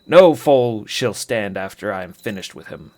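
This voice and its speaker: A man's voice: on the low side, animated, moderate pace, darkish tone, lightly acted. A man voicing a proud, boastful sword trainer. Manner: formal, old-fashioned speech.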